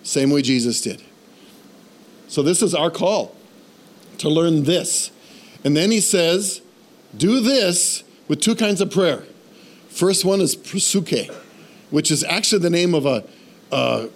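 A man preaching a sermon in a church, animated and conversational, asking the congregation questions. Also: fairly high pitch, moderate pace. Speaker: pastor.

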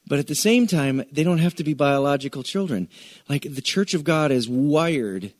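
A man's voice: a little high, lively intonation, normal speed, a little mellow, no room sound, clean studio sound. A middle-aged man from the United States preaching a conversational sermon, with joking asides, restarted sentences and key words drawn out for stress. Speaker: pastor.

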